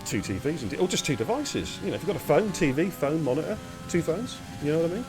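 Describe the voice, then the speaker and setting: A man's voice: fairly high pitch, big pitch swings, quick pace, music in the background. A man hosting and calling a live sim racing stream, chatty and teasing, greeting viewers by name. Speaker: lead commentator and host.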